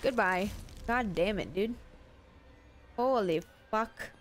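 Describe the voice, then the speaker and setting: A woman streaming horror games, chatty and expressive and swearing freely. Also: medium pitch, slow, faint music behind. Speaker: game streamer. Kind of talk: live reactions to horror games.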